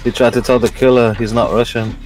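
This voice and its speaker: A man's voice: mid-range voice, flat delivery, a little fast, a little mellow, a little hiss or hum, low-quality recording. A man giving running gameplay commentary, talking to himself and swearing as he plays. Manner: swears often, talks to himself while playing. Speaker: gamer.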